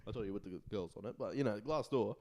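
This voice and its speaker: A man's voice: on the low side, very fast, dark tone. A man on a podcast, adding dry, teasing comments with laughter. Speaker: podcast co-host. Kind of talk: casual chat.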